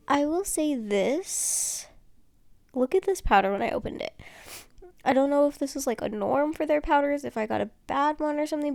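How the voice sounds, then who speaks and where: A woman with a fairly high voice rambles through a nail tutorial at an unhurried pace. She sounds tired and keeps stopping for fillers and restarts. Her voice has a lot of vocal fry, recorded dry with no room sound. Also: a little mellow, dry recording. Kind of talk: casual tutorial chat while doing nails.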